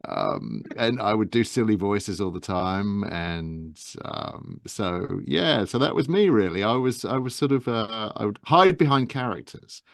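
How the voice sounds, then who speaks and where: A soft-spoken English man in his fifties whose Estuary accent has been smoothed by actor training. He speaks modestly and hesitantly, restarting his phrases, a little low in pitch and recorded close and dry. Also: animated, unhurried, few pauses, no echo. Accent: softened Estuary English. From England, Medway Towns south of London. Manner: gentle, self-effacing, many fillers and restarts. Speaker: guest, actor and narrator. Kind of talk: casual interview talk.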